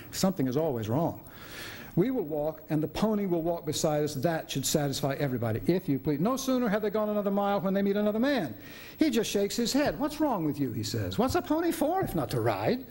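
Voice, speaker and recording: Brief: older man reading a sardonic writer-patient, wry, biting storyteller, voice sits a touch high. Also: sing-song, brisk, a little mellow. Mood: storytelling. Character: sardonic middle-aged male writer, hospital patient. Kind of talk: dramatic reading of a play.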